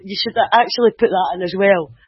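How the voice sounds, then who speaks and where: High-voiced giggly Scottish man. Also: a little fast, husky. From Scotland. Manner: nervous, giggly, talks in bursts. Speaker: guest. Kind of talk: casual call-in chat. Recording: dull lo-fi online call.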